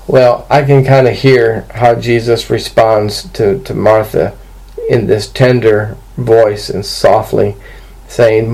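A man preaching an expository sermon to his congregation, earnest and steady, walking through scripture verse by verse. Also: fairly low pitch, slow, vocal fry, rough recording. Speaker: pastor.

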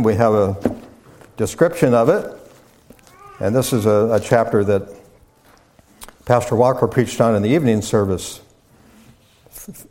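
A man preaching a sermon, teaching from scripture in a measured way with frequent pauses, fillers and restarts. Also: on the low side, darkish tone. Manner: halting restarts.

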